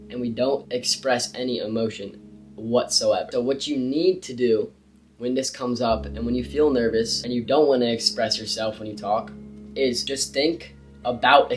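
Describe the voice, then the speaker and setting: Young man, animated, emphatic, slangy, motivational talk, soft guitar music under. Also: medium pitch. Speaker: self-improvement creator. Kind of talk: casual motivational talk to camera.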